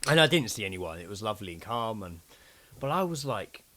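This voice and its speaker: A man in his thirties co-hosts a casual podcast. He tells stories with a lively, swooping voice, swears freely and acts out the people he quotes. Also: on the low side, fairly quick. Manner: animated storytelling, acting out quotes, swearing. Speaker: podcast co-host. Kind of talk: casual chat.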